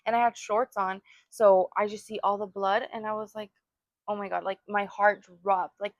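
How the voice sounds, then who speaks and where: A woman's voice: medium pitch, flat delivery, normal speed, dry recording. A young woman co-hosting a casual chat, telling a personal story with feeling and lots of fillers. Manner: emotional storytelling, many fillers. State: pregnant or new mother. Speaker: podcast co-host.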